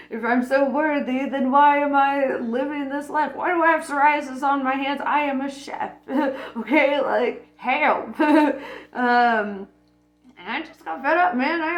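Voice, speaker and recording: A woman talking casually about spirituality, blunt and profane, laughing often. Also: sits high. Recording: echoey room with faint music.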